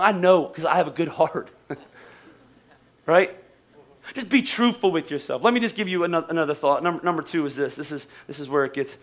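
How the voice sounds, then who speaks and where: A man, a pastor preaching a lively, joking sermon in a church service, repeating phrases for emphasis. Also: a little high.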